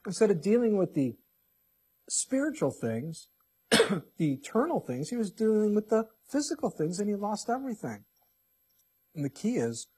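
A male pastor preaching a sermon, reading scripture and swinging between loud emphatic lines and hushed ones. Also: fairly high pitch, breathy edge.

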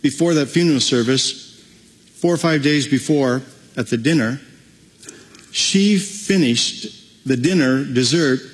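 Husky-voiced man preaching in an echoing hall. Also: on the high side. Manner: animated storytelling, acts out voices. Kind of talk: sermon.

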